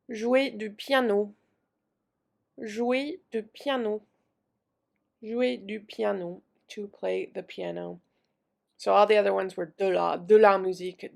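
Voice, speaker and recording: A woman runs a French vocabulary lesson at an unhurried pace. She repeats each word several times before explaining it in relaxed English, with a gravelly edge to her voice. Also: medium pitch. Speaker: French teacher.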